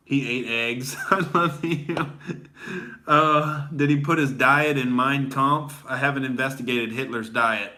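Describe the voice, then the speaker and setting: A man's voice: medium pitch, fairly even intonation, measured pace, sharp tone. A young adult man doing a comedy rant as a boastful gym bro, rambling with lots of "dude" and "all right?". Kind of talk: stand-up style comedy rant.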